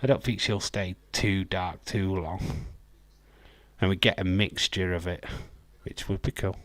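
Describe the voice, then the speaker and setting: In a deep voice that's a little slow and fairly even in intonation, with no room sound, a Yorkshireman hosts a live wrestling watch-along. He chats casually, laughs readily, and responds to viewers as their messages arrive.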